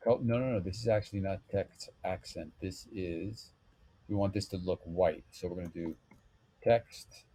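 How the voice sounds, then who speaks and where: A man hosting a screen-recorded web design tutorial, calmly talking through each step with frequent fillers. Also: deep voice, normal speed, husky. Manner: relaxed step-by-step talk with fillers. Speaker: web developer tutorial host.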